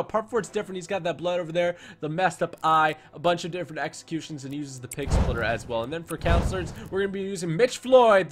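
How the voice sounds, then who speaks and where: A man giving energetic, playful commentary while playing a horror game with friends, often repeating himself. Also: fairly high pitch, noisy background. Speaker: gaming YouTuber. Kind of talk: excited gameplay commentary. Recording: game music behind.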